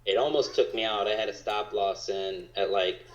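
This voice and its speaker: A man talking casually in a monotone on a stock trading livestream. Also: lowish voice, moderate pace. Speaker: co-host trader. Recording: echoey, dull lo-fi sound.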